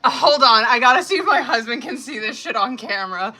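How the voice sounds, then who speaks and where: A woman's voice: fairly high pitch, expressive, a little fast, bright, forceful tone, breathy edge, soft background music. A woman in her thirties or forties chatting casually on a live tarot stream, blunt and profane, laughing often as she reads out messages. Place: home kitchen.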